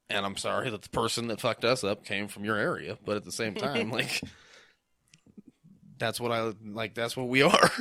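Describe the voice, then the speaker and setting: A man's voice: fairly low pitch, sharp tone, no echo, clean studio sound. A young man co-hosting a casual podcast, talking loosely with lots of swearing and frequent laughter. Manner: loose, profane, laughs often. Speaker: podcast co-host.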